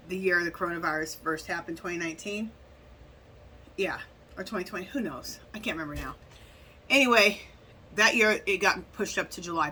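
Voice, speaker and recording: A woman's voice: mid-range voice, pushed and bright, low-quality recording. A woman chatting casually in a craft haul vlog, telling a rambling story with plenty of restarts and asides. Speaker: craft vlogger.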